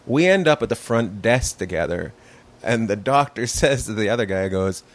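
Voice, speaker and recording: A man's voice: fairly low pitch, expressive, normal speed. A man, a comedian guest, swapping loose, profane anecdotes in a casual chat.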